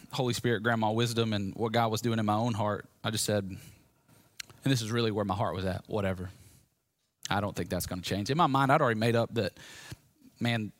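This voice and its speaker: A man preaching a personal testimony sermon to a room, speaking candidly and swinging between hushed storytelling and loud, emphatic points. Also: on the low side, dry recording. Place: room with a live audience.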